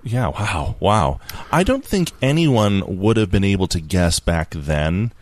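A man's voice: low voice, sing-song, unhurried. A man hosting a podcast, chatting casually, laughing easily and reading out listener feedback. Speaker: podcast host.

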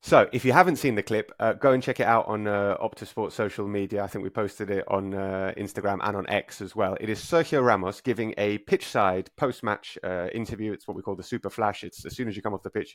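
A man co-hosting a casual football podcast, telling stories with lively delivery and frequent restarts. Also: lowish voice, brisk, no room sound, clean studio sound. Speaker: podcast co-host and football pundit.

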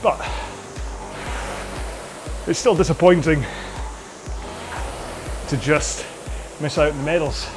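A man's voice: a little high, slow, long pauses, music in the background. A man coaching an indoor rowing workout while rowing, chatty and rambling, often mocking himself.

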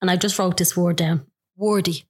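A woman hosting the conversation and asking gentle, probing questions. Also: lowish voice, steady tone, normal speed, slightly rough. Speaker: host. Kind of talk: casual interview chat.

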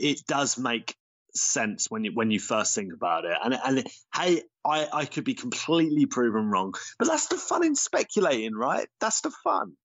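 A man with a mid-range voice and a swinging, animated delivery co-hosts a chatty podcast. His voice comes through a slightly dull, lo-fi mic as he reads listener comments. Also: mid-range voice. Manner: relaxed, reads listener comments aloud with lively intonation. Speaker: podcast co-host. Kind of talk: casual podcast chat.

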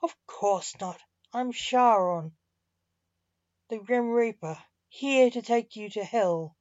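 A woman voicing the Grim Reaper, a stern and weary male figure who speaks slowly and huffs, in a storybook reading. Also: medium pitch, fairly even intonation, warm tone, dry recording, muffled recording, close to an everyday voice. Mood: exasperated. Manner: huffy, slow and solemn.

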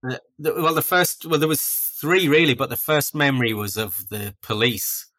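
A man's voice: on the high side, expressive, normal speed, pushed and bright. A man, chatting about his life in a casual podcast interview in a chatty, self-deprecating storytelling way. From North East England. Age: 40s. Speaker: guest author.

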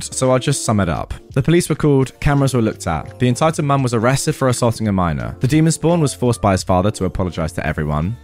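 A man reading online stories aloud in an animated way and adding his own comments. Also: mid-range voice. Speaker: story narrator.

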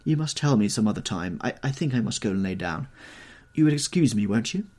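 Man voicing a nervous young gentleman, brooding, pleading, raised pitch, raspy, lively, audiobook. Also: a little fast. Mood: restless. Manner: anxious, pleading, melancholy.

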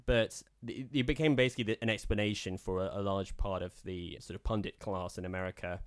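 Podcast co-host, male, low-pitched, sardonic casual talker, dry studio sound. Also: fairly even intonation, fairly quick, clear, resonant tone, no echo. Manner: sardonic, rambling with restarts. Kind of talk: casual political chat.

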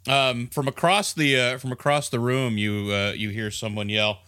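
A man's voice: medium pitch, moderate pace, hardly any pauses, clean tone. A man running a tabletop game as game master, narrating casually with many fillers. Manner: relaxed, hesitant, lots of fillers.

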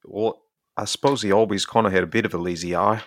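A man's voice: fairly low pitch, steady tone, quick pace, dry recording, clean studio sound. A man chatting as a player in a tabletop game, bemused and talkative. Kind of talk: casual chat.

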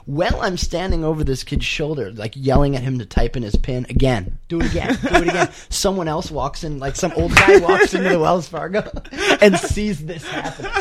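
A man telling a story at an open mic, animated and tumbling over his own words. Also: on the high side. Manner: animated, repeats words as he rushes on. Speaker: guest storyteller. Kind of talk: live storytelling.

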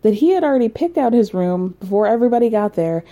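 A woman host chatting casually and wryly, with big leaps in pitch when she makes a point. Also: quick pace. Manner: chatty, wry, animated with big pitch jumps. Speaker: podcast host recapping reality TV. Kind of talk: casual chat.

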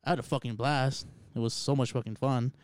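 A man hosting a casual chat, relaxed and swearing often. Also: mid-range voice, a little fast, dry recording. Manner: laid-back, swears constantly.

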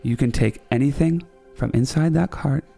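A man's voice: mid-range voice, moderate pace, vocal fry, mellow, soft background music. A man hosting a comedy podcast, telling a rambling story in a playful way and correcting himself as he goes. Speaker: podcast host. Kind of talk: comic storytelling.

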